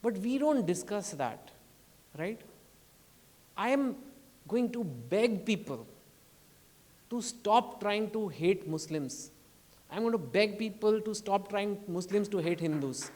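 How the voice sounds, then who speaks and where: A man's voice: high voice, animated, unhurried, darkish tone, big-room sound. A man with an Indian English accent giving an impassioned public speech at a book launch, pleading and rising to emphatic outbursts. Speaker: author speaking at a book launch. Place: event hall.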